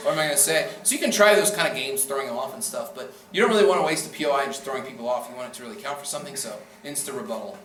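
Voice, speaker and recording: A man's voice: mid-range voice, animated, fast, recorded from a distance, noisy background. Joking man lecturing in an echoey room. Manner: joking, acts out quoted speakers. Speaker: debate lecturer. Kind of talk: casual classroom lecture. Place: classroom.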